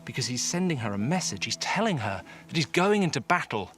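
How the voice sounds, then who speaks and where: Lively documentary presenter, a man. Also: medium pitch, brisk. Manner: engaged, expressive storyteller. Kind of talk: presenting on location. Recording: music bed behind.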